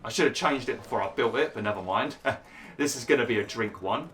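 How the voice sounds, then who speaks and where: A man hosting a gaming channel, explaining a park-building game step by step with lots of fillers while his voice is going hoarse. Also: medium pitch, expressive, fast, a bit bright, slight background noise. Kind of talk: casual gameplay commentary.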